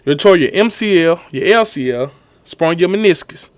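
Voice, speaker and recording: Young man, high and very lively voice, vivid vlog storyteller who acts out the scenes. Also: normal speed. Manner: animated, acts out shouts and coaches' lines. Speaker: vlogger telling his injury story. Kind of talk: emotional storytelling to camera.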